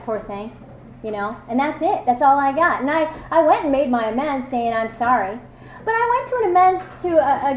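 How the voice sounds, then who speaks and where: A woman with a twang speaks her personal testimony with a slightly high voice. She is frank and wry, full of fillers and restarts. The room around her is echoey, with faint ambience underneath. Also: a little hiss or hum. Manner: candid, self-mocking, conversational with many fillers. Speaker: recovery meeting speaker.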